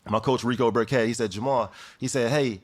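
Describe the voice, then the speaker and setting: A young man from Chicago telling his life story in an interview, animated and emphatic, acting out the people he quotes. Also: medium pitch, brisk. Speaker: guest. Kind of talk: storytelling in conversation.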